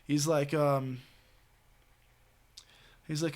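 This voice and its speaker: A man's voice: fairly high pitch, a little slow. A man streaming late at night, telling a story in a rambling, casual way with lots of fillers and swearing. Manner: rambling, heavy filler words and frequent swearing.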